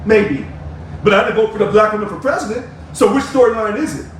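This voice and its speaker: Man, argumentative commentary vlogger, high voice, heavy room echo. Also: quick pace, a little hiss or hum. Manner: emphatic, preachy, argumentative. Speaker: video blogger. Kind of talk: direct-to-camera political commentary. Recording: very echoey room.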